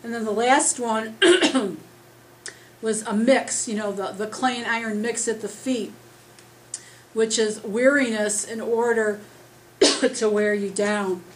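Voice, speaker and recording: Lady preaching, kinda high voice, going hoarse, earnest and rambly, talking loud w/o a mic. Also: slow pace, long pauses, a little hiss or hum, poor audio. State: losing her voice. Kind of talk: conversational sermon. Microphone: speaking loud without a microphone.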